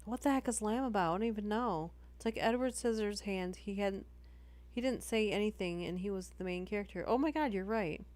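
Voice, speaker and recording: A woman's voice: mid-range voice, a little fast, darkish tone. A woman chatting casually on a live stream between horror story readings. She rambles and interrupts herself as she talks.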